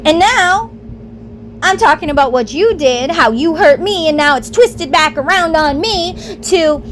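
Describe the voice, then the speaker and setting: A woman's voice: extremely high pitch, animated, unhurried, fairly bright tone, a little hiss or hum. A woman vlogger talking candidly in a rambling, emphatic way and acting out the voices she quotes. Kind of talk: candid personal monologue.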